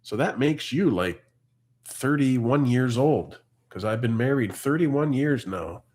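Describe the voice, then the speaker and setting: A man's voice: medium pitch, lively intonation, normal speed, darkish tone, a little hiss or hum. Casting note: Canadian man in his fifties, livestream host, chatty and rambling, mid-range voice. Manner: chatty, reads viewer comments aloud and riffs on them. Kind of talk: casual livestream chat.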